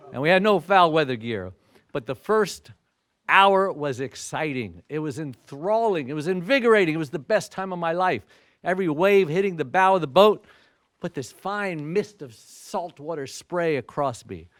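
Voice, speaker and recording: A man's voice: a little high, no echo, studio quality. A man in his sixties gives a storytelling speech to an audience as a motivational speaker, acting out the dialogue as he goes. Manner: animated storyteller who acts out dialogue.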